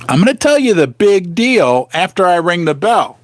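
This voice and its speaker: A man's voice: high-pitched, sing-song, normal speed, hardly any pauses, slight background noise. A middle-aged man hosting a casual livestream, rambling and restarting his sentences while he thanks viewers. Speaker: livestream host.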